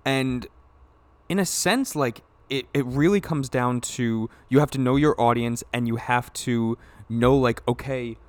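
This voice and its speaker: A man co-hosting a casual podcast chat, easygoing and measured, often agreeing. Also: medium pitch, no echo. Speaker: podcast co-host.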